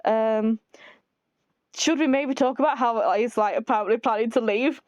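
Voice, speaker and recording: Young woman rambling over a game, lots of ums and giggles, highish voice, dry muffled mic. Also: moderate pace, a little mellow, no echo. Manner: giggly, hesitant, filler-heavy. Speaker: let's player. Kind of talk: casual game commentary.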